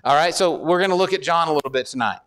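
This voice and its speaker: A male pastor preaching a sermon in a conversational way, often restarting phrases with repeated words and slowing down to stress scripture. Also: on the high side, fairly bright tone.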